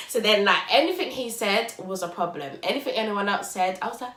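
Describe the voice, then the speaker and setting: A woman's voice: a little high, brisk, hardly any pauses. A young woman, casually telling a story on a podcast, acting out quotes and laughing. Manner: animated, acts out quotes loudly and laughs. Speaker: podcast co-host. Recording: roomy echo.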